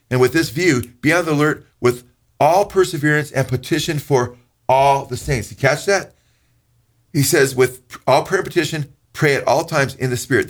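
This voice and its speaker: A man preaching a sermon as pastor, talking earnestly, rising in pitch for emphasis and slowing down when he reads scripture. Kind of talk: sermon teaching.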